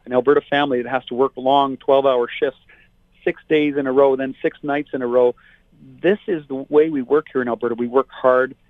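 A man's voice: medium pitch, fairly even intonation, brisk, no room sound. Indignant man on a tinny phone line. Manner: forceful, indignant. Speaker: political candidate guest. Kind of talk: talk radio interview by phone.

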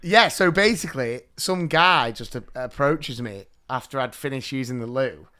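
A man, co-hosting a podcast and telling stories in a casual, animated way. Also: mid-range voice, normal speed, clear, resonant tone. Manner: animated storytelling with laughs. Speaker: podcast co-host. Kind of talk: casual chat.

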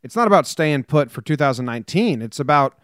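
A man co-hosting a podcast, chatting casually with quick asides. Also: fairly high pitch, animated, a bit bright, smooth, dry recording, studio quality. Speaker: podcast co-host.

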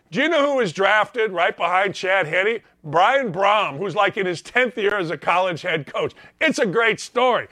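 Fired-up male sports talk host, high and sharp, mocks whiny players, dry booth mic. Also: animated, normal speed, few pauses, no room sound. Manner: loud, mocking, does whiny voices of players. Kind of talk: opinionated sports rant.

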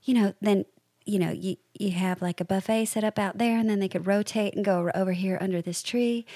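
A woman's voice: mid-range voice, fairly even intonation, brisk, mellow, dry recording, clean studio sound, natural voice. A woman imitating a gracious older Southern hostess in a put-on Southern drawl, eager and instructive.

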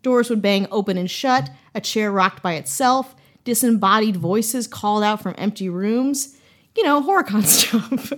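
A woman's voice: mid-range voice, unhurried. A young woman from Wisconsin hosting a podcast, telling a ghost story in casual chat with jokes and frequent laughs. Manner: playful, jokey, laughs often. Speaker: podcast host.

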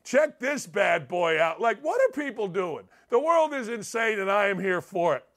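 A middle-aged man hosts a sports talk show with a high, reedy voice. He rambles and jokes, jumping between loud outbursts and low muttered asides. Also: very animated, normal speed. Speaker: sports radio host. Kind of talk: energetic sports talk monologue.

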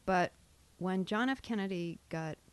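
An older woman from Massachusetts with a Boston accent, telling stories in a chatty, animated way in casual conversation. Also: lowish voice, measured pace, smooth. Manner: chatty, animated storyteller, trails off and restarts. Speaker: guest. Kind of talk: casual chat.

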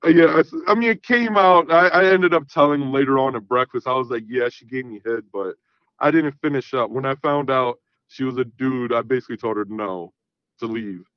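A man's voice: medium pitch, a little fast, no room sound, highs cut off. A man in his thirties calling in, telling a long story casually and rambling with fillers. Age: 30s. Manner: rambling, repeats fillers like "you know what I mean". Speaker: caller. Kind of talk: casual storytelling on a call-in show.

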